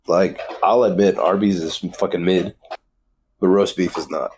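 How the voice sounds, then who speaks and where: Young male podcast co-host, low-pitched, rambling, profane storyteller. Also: steady tone, unhurried, darkish tone, a little hiss or hum. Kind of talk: crude casual chat.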